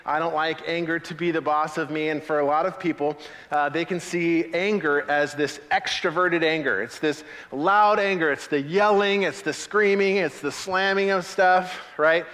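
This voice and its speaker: A man preaching a sermon as a pastor, in a conversational, animated way with frequent repetitions. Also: fairly high pitch, normal speed, big-room sound.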